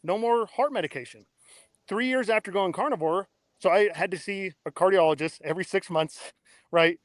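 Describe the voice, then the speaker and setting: A man in his thirties tells his story as a podcast guest, blunt and excitable, with plenty of cursing. His voice sits a little high for a man. The sound is close and dry, with no room around it. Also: moderate pace, no echo. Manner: blunt, excitable, swears freely. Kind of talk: casual interview storytelling.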